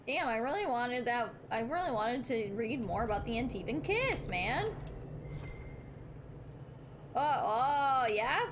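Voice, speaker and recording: A woman's voice: on the high side, big pitch swings, moderate pace, background noise. A young woman streaming a game, chatting with her viewers, swearing freely and reading in-game text aloud. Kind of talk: live gameplay commentary.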